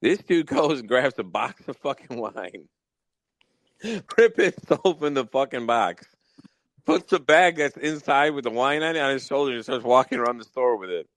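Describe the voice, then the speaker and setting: A man hosting a podcast, telling wild work stories in a casual, profane, animated way. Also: mid-range voice, normal speed, no echo, poor audio. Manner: profane, animated storytelling with mock exasperation. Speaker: podcast host. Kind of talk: casual storytelling chat.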